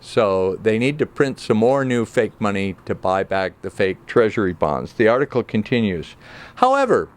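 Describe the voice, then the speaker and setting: A man's voice: lowish voice, moderate pace, hardly any pauses. A man giving sarcastic, skeptical commentary and reading aloud from a financial article. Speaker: remote viewing group member.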